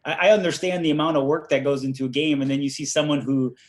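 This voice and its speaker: A man's voice: a little high, steady tone, quick pace. A man who develops games, talking as a guest in a casual podcast chat and laughing easily. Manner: laughs easily, loose and conversational.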